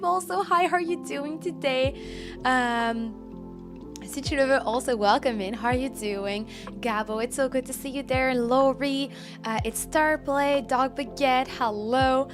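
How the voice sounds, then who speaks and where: A woman game streamer chatting live with her viewers, bubbly and effusive as she greets them. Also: fairly high pitch. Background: background music.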